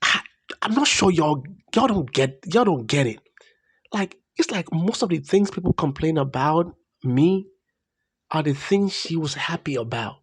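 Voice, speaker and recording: A man's voice: a little high, animated, a little slow, husky, no echo. Earnest man telling his story. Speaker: vlogger. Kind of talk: personal storytelling vlog.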